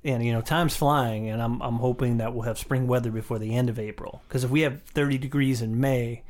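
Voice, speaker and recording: A man hosts his own podcast, thanking listeners and easing into questions with a steady stream of uhs and ums. His voice sits at an average pitch for a man and stays conversational throughout. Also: a little fast. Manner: rambling, with frequent uh and um. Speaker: podcast host. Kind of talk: casual interview chat.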